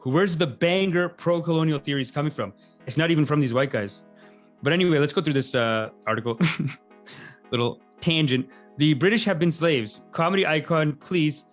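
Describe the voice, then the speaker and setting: Male comic host, slightly high voice, casual rambling riffs full of asides. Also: faint music behind. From Canada. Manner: rambling, tangent-prone, quick asides. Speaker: podcast host, comedian. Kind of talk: casual comedic monologue.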